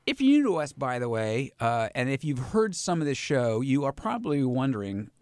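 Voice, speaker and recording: A man co-hosting a casual wine radio show, animated and quick to laugh at himself. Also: medium pitch, no echo, studio quality. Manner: animated, laughing, self-deprecating.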